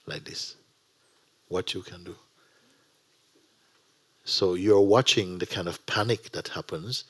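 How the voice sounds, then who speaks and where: Low-ish voiced man teaching a gathering, soft and slow, whispers now and then. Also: husky. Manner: gentle, unhurried, drops to whispers. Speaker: spiritual teacher. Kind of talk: sermon to a gathering. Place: satsang gathering.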